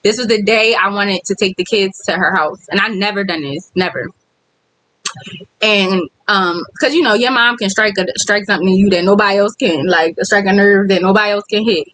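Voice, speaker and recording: A woman's voice: mid-range voice, normal speed, fairly bright tone, rough recording. A woman vlogger with kids, talking candidly on a casual livestream and reading viewer comments aloud. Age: adult with kids.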